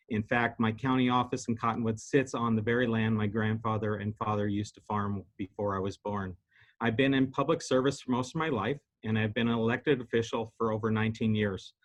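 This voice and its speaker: A man's voice: mid-range voice, fairly even intonation, a little fast. Middle-aged man giving a campaign statement. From Arizona. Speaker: county supervisor candidate.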